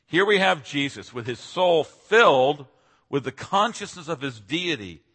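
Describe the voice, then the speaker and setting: A man preaches an earnest expository sermon, and his voice lifts to stress key points. His tone is bright but somewhat husky. The sound carries a long reverb, as if from a large hall. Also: on the high side, expressive, a little slow. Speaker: pastor.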